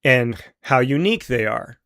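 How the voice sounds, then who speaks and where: A man in his forties hosting a casual talk show. His voice sits at an ordinary middle pitch, and his delivery is earnest and personal. He speaks in halting phrases and is openly emotional. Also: expressive, fairly bright tone. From central New York. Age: 40s. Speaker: host.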